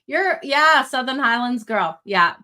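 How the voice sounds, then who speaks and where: A woman's voice: high-pitched, animated, unhurried, pushed and bright. A woman from Australia with a Canadian accent that still carries some Australian vowels, chatting upbeat and directly to viewers as a sports betting host on a live stream. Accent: Canadian with Australian traces.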